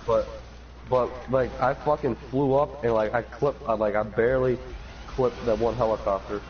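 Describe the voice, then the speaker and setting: A man's voice: medium pitch, steady tone, moderate pace. A man streaming a game with a friend, joking, swearing often and putting on silly voices for the characters on screen. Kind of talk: casual gameplay chat with a friend. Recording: dull lo-fi stream audio with faint hiss.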